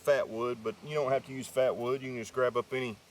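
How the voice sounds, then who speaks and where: A man with a Southern US accent giving a casual, chatty outdoor gear demo in the woods, folksy and quick to laugh at himself. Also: medium pitch, fairly even intonation, slight background noise. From North Carolina, US South. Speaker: gear reviewer.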